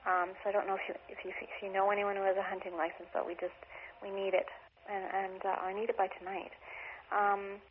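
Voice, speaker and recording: A woman leaving rambling voicemail messages, hesitant and full of ums and self-corrections. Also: mid-range voice. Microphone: telephone. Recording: tinny phone line with faint hiss.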